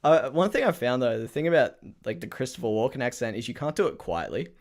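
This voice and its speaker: A young man co-hosting a podcast, telling stories in a giggly, animated casual chat. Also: mid-range voice, quick pace. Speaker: podcast co-host.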